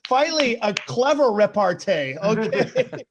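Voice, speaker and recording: A man's voice: high-pitched, big pitch swings, a little slow, background noise. A man doing a stand-up set over a video call, rambling through stories and often swearing it's true. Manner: rambling storytelling, repeats "I swear to God". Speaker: stand-up comedian.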